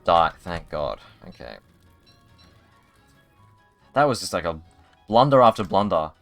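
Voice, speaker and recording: A man's voice: sits low, big pitch swings, a little slow, creaky, a bit bright, no room sound, faint music behind. A man streaming a video game live, chatting casually in a rambling way with many restarts. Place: home streaming setup.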